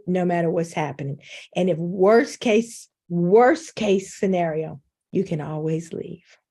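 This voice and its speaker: A woman's voice: fairly low pitch, a little slow, dark tone. Candid, joking middle-aged woman on a video call. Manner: candid, self-mocking, laughs often. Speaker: guest speaker. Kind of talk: informal faith talk.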